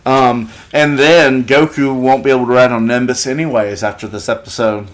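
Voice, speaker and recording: A man's voice: medium pitch, normal speed. A man co-hosting a podcast, chatting casually and acting out scenes from an anime. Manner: animated, acts out scenes in silly voices. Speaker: podcast co-host. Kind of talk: casual chat.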